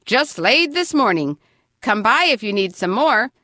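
Kindly older village lady, woman voicing, slow, hospitable, animated pitch, dry read. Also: no room sound, full character voice.

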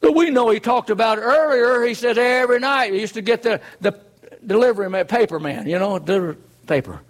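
A man's voice: high-pitched, a little fast. A man preaching a sermon in an earnest, conversational way, full of rhetorical questions.

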